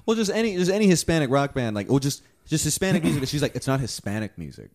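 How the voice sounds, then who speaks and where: Deep voiced guy chatting on a podcast, rambly, cusses a lot, voice jumps all over. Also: sing-song, fast, a little mellow. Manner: rambling, swears a lot, acts out quotes in voices. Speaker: podcast co-host. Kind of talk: casual podcast chat.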